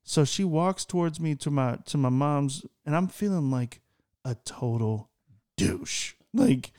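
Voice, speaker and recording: A man in his thirties telling a story in casual chat as a podcast co-host, animated and jumping up into a higher voice to act out the lines he quotes. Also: a little slow. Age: 30s.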